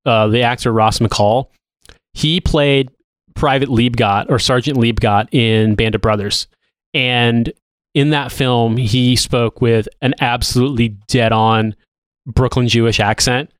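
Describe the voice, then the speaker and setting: A man's voice: medium pitch, dry recording. Guy rambling on a podcast, lots of likes and restarts, mid voice, dry close mic. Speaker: podcast co-host. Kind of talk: casual chat.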